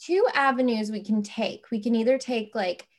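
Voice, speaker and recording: A woman's voice: a little high, normal speed. A young woman hosting a podcast from home, chatting casually and rambling with lots of fillers. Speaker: podcast host. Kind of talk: casual chat.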